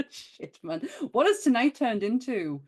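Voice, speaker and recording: Lively Northern English woman co-host. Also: high voice. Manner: lively, laughs often, reads intros quickly. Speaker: podcast co-host. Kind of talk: casual chat.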